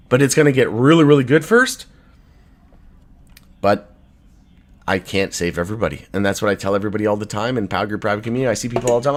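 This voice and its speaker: A man hosting a crypto livestream who rants angrily and swears, with outbursts that drop into low mutters. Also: lively intonation, fast talker. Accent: Canadian English. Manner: furious, profane, swinging from shouting to low mutters. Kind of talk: angry livestream rant.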